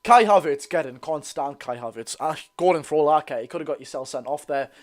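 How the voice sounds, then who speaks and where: A young man with a Geordie accent giving excitable, bantering live commentary on a football match while reading out viewer comments. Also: fairly high pitch, fairly quick. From North East England. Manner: excitable, banter-filled, reads chat aloud. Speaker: football channel host.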